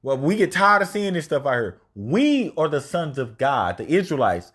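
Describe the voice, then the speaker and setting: Dude teaching bible verses in slang, fairly high voice that bounces all over. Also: male voice, sing-song, moderate pace, fairly bright tone, breathy edge. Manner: casual, slangy, emphatic, reads verses aloud then paraphrases. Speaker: religious teacher. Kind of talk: informal scripture teaching.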